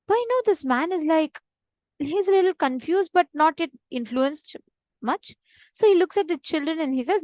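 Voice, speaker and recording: Woman teaching meditation online, kinda high voice, very dry sound, earnest storyteller. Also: animated, a little mellow, dry recording. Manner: storytelling, earnest, slows for emphasis. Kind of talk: online spiritual teaching talk. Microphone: online video call.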